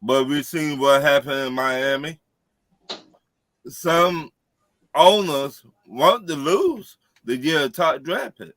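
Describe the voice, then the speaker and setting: A man's voice: on the high side, animated, slow, fairly bright tone, no echo, low-quality recording. A man co-hosting a casual sports debate. He presses the others with pointed questions. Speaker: podcast co-host.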